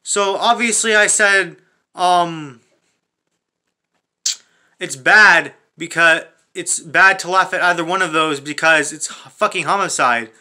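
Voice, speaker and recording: A man's voice: high voice, slow pace, sharp tone. A man hosting a comedic video, ranting crudely with constant swearing and frequent restarts. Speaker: comedy channel host. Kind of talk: profane comedic rant.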